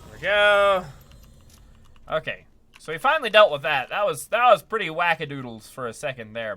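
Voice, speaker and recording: Brief: upbeat guy streamer, bright and a touch high, chatting through gameplay. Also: very animated, normal speed. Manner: chatty, upbeat, laughs often, talks to chat. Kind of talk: live gameplay commentary.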